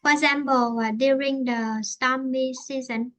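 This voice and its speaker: A woman's voice: high-pitched, fairly even intonation, unhurried, a bit bright. A woman with a Vietnamese accent teaching an English lesson, switching between Vietnamese and English and explaining with many fillers and restarts.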